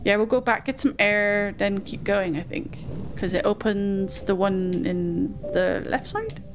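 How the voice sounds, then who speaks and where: A woman's voice: medium pitch, measured pace, background noise. A woman giving chatty let's play commentary, easily flustered and talking to herself and the game. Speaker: gaming host. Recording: game music under voice. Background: game music.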